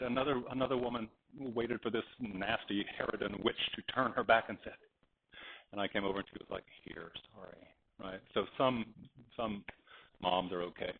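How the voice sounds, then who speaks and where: A man's voice: mid-range voice, slight background noise. Male teacher lecturing on a tinny recording. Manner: animated, digressive, acts out anecdotes. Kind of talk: classroom lecture. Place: classroom.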